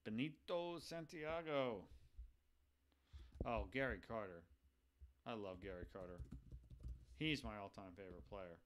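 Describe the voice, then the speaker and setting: A man's voice: on the low side, unhurried, pauses often. Chatty man thinking aloud over a game. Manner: thinks aloud, chatty, asks the viewers for advice. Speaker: host playing a baseball video game live. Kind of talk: casual live game commentary.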